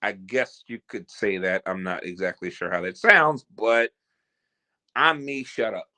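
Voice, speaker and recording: Man hosting a vlog, unhurried, bright tone, playful and self-mocking. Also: fairly low pitch. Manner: rambling, joking and self-deprecating, theatrical announcer openings. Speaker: host. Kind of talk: casual vlog chat.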